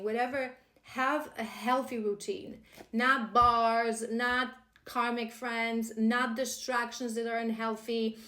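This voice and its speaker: A woman with a fairly high voice gives an earnest, encouraging spiritual card reading. She often stumbles and restarts her phrases as she talks. The room around her sounds echoey. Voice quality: emotional, laughing warmly at times. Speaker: tarot card reader.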